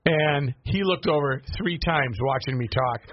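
A man's voice: fairly high pitch, measured pace. A middle-aged man, the father, hosting a family chat and joking as he steers the talk. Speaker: father and host. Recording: dull muffled sound with faint hiss.

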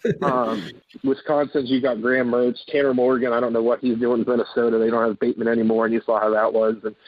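A man with a husky, slightly breathy voice talks college football in a loose, rambling way. He keeps hedging with small qualifiers as he sizes up a player. The sound is dry and a little muffled, like a remote call. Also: mid-range voice, little pitch movement, quick pace, no echo. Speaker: guest football analyst. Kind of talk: casual sports talk.

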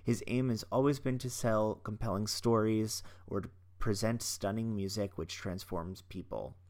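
Low-voiced chatty male podcast host. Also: steady tone, moderate pace. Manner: chatty, warm-hearted, rambling with restarts. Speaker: photographer. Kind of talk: casual podcast talk.

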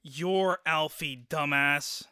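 A woman's voice: low voice, takes it slowly, bright, forceful tone, smooth, dry recording, clean studio sound, full character voice. A woman in an audio drama, playing a sarcastic woman stuck in a man's body. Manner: sarcastic, wry.

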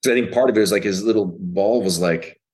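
A man appearing as a podcast guest, chatting casually in a relaxed, rambling way full of restarts. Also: on the low side, fast. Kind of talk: casual chat.

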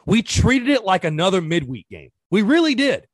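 A man's voice: high-pitched, big pitch swings, moderate pace, hardly any pauses, no echo, clean studio sound. A man hosting a sports podcast, ranting in an exasperated way and firing off rhetorical questions in casual commentary.

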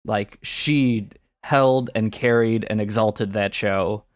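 A man's voice: lowish voice, fairly even intonation, takes it slowly, dry recording. A man in casual conversation, articulate and agreeable, often backing up his co-host. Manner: articulate and agreeable, backs up the other speaker. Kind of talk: casual chat about musical theatre.

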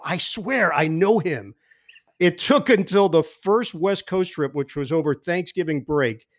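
A man who works as a sports broadcaster, telling lively anecdotes as a podcast guest and mimicking the people in them. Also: fairly high pitch. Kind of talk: animated storytelling in a podcast interview.

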